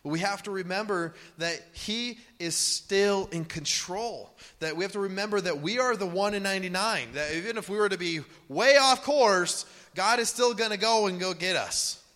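Male preacher, animated sermon delivery, light high voice, long reverb of a large hall. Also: moderate pace, hardly any pauses. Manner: animated, acts out panicked voices.

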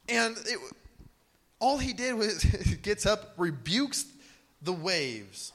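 A man preaching a sermon with animated delivery, sometimes acting out panicked voices. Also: sits high, takes it slowly. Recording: long hall reverb.

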